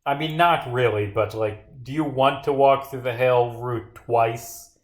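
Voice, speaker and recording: Young male streamer, middle pitch, rambling and sarcastic, swears a lot, roomy echo. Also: steady tone, unhurried. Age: young adult. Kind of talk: casual livestream commentary while gaming.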